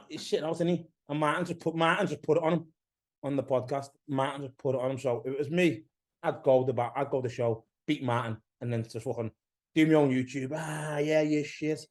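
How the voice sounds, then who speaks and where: A man's voice: a little high, a little fast, darkish tone. English man, podcast guest, casual chat, profane, heated, rambling. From England.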